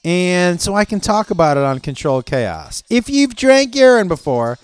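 A man's voice: high voice, very animated, moderate pace, clean tone, dry recording. A man hosting a podcast in a loose, profane, rambling comedic monologue. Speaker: podcast host.

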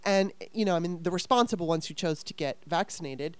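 A woman venting in a heated casual conversation, fast and exasperated, swearing often. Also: lowish voice, clean tone, no room sound.

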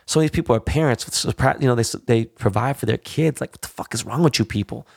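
A man's voice: medium pitch, fast, gravelly, slightly rough, no echo, studio quality. A man hosting a podcast, ranting bluntly and swearing heavily, punctuating points with "all right?" and "you know?". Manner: frequent tag questions like "all right?". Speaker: podcast host. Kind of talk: profane monologue.

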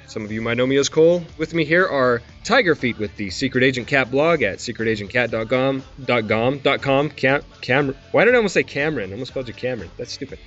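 A male podcast host rambles through casual gaming chat, poking fun at himself and laughing along the way. His voice sits at an ordinary pitch, and the recording sounds dull and lo-fi. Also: fairly bright tone. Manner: rambling, self-deprecating, laughs often.

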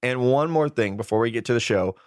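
A man in his thirties hosts a sports podcast in an upbeat, joking way, full of quick asides. His voice sits at a middle pitch. It is close-miked in a dry studio with no room sound. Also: lively intonation, dry recording. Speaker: podcast host. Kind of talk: casual sports podcast chat.

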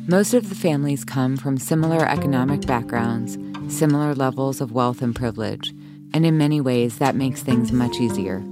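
A woman reading scripted documentary narration in a measured, even way as the podcast narrator. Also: rumbling low. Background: music bed.

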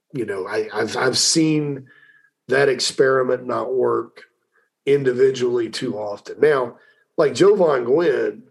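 A man's voice: medium pitch, gravelly. A man hosting a call-in sports talk show, talking loosely with repeated words and fillers. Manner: rambling, conversational, repeats words, pauses with fillers. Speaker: sports radio host.

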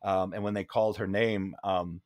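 At a normal speed, a man who acts on Broadway tells casual stories in an interview. Quoted lines get acted out with large pitch jumps, and he stays animated. There's no room sound on the recording.

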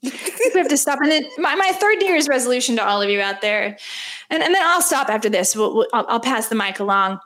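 A woman hosting a podcast, ranting in an animated, sarcastic way about fan habits. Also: fairly high pitch, fast talker. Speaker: podcast host. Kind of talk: casual podcast chat.

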